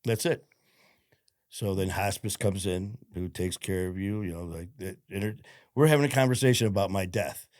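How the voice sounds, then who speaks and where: A man with a lowish voice tells his story as a podcast guest. He is blunt and swears freely, slipping into the voices of the people he quotes. The recording is close and dry, with no room sound. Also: moderate pace, a little mellow, no room sound. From Detroit, USA. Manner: blunt, profane, retells events with quoted dialogue. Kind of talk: casual interview storytelling.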